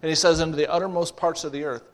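A man's voice: fairly high pitch, steady tone, racing. Emphatic man preaching a sermon. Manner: emphatic preaching with repeated phrases and rising volume.

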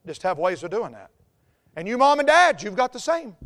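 A man with a Southern US accent, preaching a folksy, joking sermon as a pastor, swinging between quiet asides and loud outbursts. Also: high voice, big pitch swings, moderate pace. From American South.

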